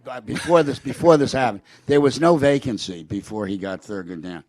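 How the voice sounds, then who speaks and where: A man's voice: medium pitch, brisk, darkish tone, no echo. An older man telling anecdotes as a guest in a public conversation, with frequent restarts and quoted remarks. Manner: rambling anecdotes with restarts, quoting a president.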